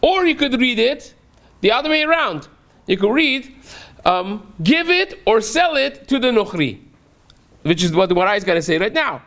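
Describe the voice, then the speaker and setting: A man's voice: very high-pitched, very animated, normal speed, fairly bright tone. A man, a rabbi teaching a daily Talmud class, who reads a phrase aloud, then explains it step by step and keeps checking in with a rhetorical "right?".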